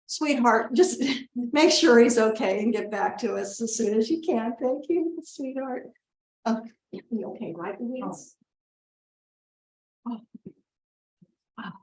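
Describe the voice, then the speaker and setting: A woman's voice: a little high, animated, slow pace, long pauses. An actress playing a rambling middle-aged mother giving a wedding toast, who keeps breaking off to scold and coax her family. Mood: chatty. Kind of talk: comedic monologue. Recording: roomy echo.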